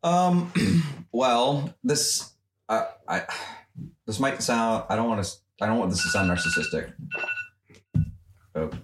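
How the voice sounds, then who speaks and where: A man co-hosting a podcast in casual chat, blunt and quick to laugh, in a roomy recording. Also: mid-range voice, a bit bright, slight background noise. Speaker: podcast co-host. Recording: roomy echo.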